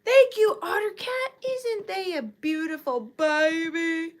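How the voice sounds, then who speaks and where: A woman's voice: extremely high pitch, slow pace. A young woman with a Southern US accent, sleepy, hosting a chatty live vintage sale from a chair at home and cooing at her pet rabbit in sing-song baby talk. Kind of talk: chatty live stream greeting viewers. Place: home room, seated in a chair.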